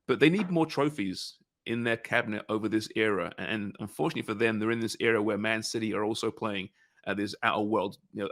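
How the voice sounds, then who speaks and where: A man's voice: lowish voice, a bit bright, no echo, studio quality. A man hosting a casual sports betting podcast, talking conversationally and often tagging his points with "right?" and "you know". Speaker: podcast host.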